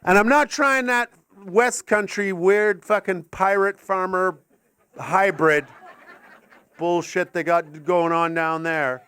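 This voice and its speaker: A Canadian man performing stand-up comedy on stage, animated and swearing, slipping into silly voices. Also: sits high, slow, smooth.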